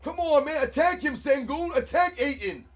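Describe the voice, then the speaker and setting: High-voiced excited man calling the game. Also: normal speed. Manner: animated, emphatic, repeats points. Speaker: co-host of live game reaction stream. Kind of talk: excited live game commentary.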